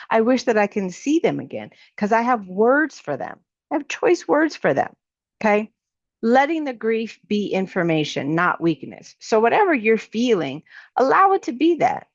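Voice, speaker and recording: A woman's voice: medium pitch, no echo. A woman life coach giving a motivational teaching talk, emphatic and repetitive in a sermon-like way, casual with her listeners. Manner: casual, addresses listeners as sis. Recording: slightly dull, lo-fi recording.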